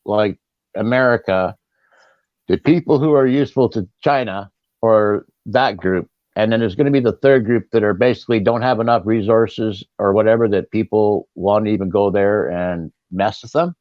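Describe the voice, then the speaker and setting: A man's voice: lowish voice, normal speed, dry recording, lo-fi sound. A man chatting casually in a laid-back way. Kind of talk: casual chat.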